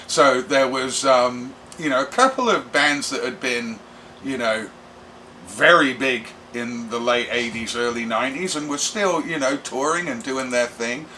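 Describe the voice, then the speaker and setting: A middle-aged man, a rock musician telling stories in a brash, animated interview. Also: mid-range voice, measured pace, a little hiss or hum. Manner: brash, animated, does voices for quoted people. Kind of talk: casual storytelling interview.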